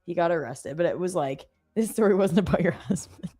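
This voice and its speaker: Over soft background music, a woman in her thirties co-hosts a casual chat in a fairly low, slightly rough voice at a brisk pace. She tells stories animatedly and acts out the voices.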